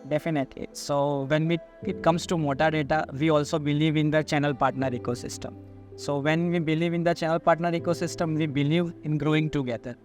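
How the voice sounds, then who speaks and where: A man with a fairly high voice answers interview questions as a sales manager. He explains at length, stringing lists of items together with "so". Soft music plays quietly underneath. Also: fairly even intonation, a little fast. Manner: explanatory, long listing sentences strung with "so".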